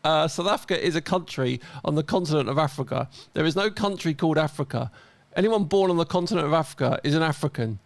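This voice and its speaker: A man's voice: fairly high pitch, quick pace, gravelly, no room sound. A man giving casual commentary as a host, reading out posts and mocking their mistakes with dry humour. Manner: wry, mocking, chuckles at mistakes.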